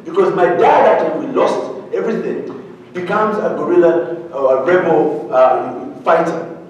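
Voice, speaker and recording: A man's voice: on the high side, moderate pace, a little hiss or hum. Echoey keynote speaker, a man from Uganda. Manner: animated, humorous, asks the audience questions. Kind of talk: storytelling keynote talk. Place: large hall with an audience. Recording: very echoey hall, heard from a distance.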